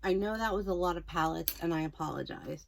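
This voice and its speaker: A young woman chatting through a makeup tutorial, rambling and self-deprecating, a little hoarse. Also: fairly low pitch, fairly quick, slight background noise. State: slightly hoarse, losing her voice. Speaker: makeup vlogger.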